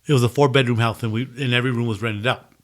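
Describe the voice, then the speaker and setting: A man's voice: mid-range voice, fairly even intonation, rapid-fire. Playful rambling male podcast host. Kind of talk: casual chat.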